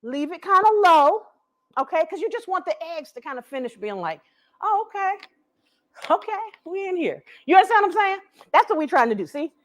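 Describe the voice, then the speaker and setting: A woman's voice: extremely high pitch, very animated, fast talker, a bit bright. A woman, hosting a live cooking stream from her home kitchen, chatty and laughing as she talks straight to viewers. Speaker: cooking show host. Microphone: camera she set up herself.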